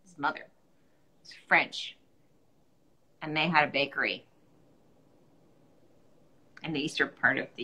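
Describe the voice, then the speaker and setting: A woman's voice: deep voice, steady tone, measured pace, long pauses, bright, forceful tone, rough recording. A tired young woman in a casual how-to chat, patiently explaining baking steps with a playful edge. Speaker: actress showing how to bake bread.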